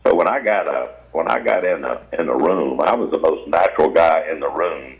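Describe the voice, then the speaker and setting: A man's voice: rumbling low, normal speed, vocal fry. An older man with a Southern US accent, a guest actor telling folksy, rambling stories in an interview. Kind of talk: storytelling interview. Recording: dull lo-fi radio audio.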